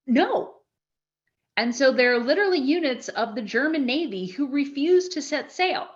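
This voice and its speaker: A woman giving a live history lecture to an audience, talking in a conversational, animated way with frequent restarts. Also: high-pitched, normal speed, muffled recording.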